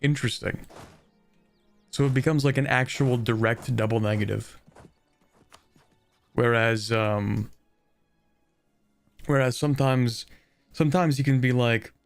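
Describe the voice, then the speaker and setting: Male streamer, mid-range voice with some gravel, loose rambling chat over quiet game music. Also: medium pitch, a little slow, pauses often, no room sound. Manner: rambling, thinking aloud with many fillers and chuckles. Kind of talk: casual live-stream chat while gaming.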